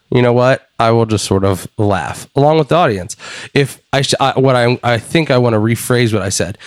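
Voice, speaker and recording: A man co-hosting a podcast in casual chat, animated and swearing as he thinks out loud. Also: mid-range voice, a little fast, no echo. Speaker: podcast co-host.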